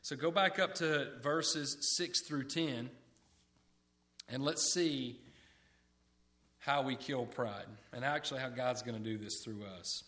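A man delivering a sermon at an average pitch. He speaks conversationally, restarts his phrases and puts questions to the congregation. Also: takes it slowly, long pauses, bright, forceful tone. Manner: conversational preaching, repeats words, asks the audience questions. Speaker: preacher.

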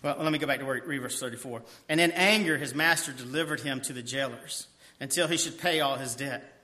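A man preaching a sermon, reading verses aloud and then asking his listeners questions that he answers himself, dropping to a quiet voice on key points. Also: fairly quick. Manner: drops to a soft low voice on key points. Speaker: pastor. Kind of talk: expository sermon.

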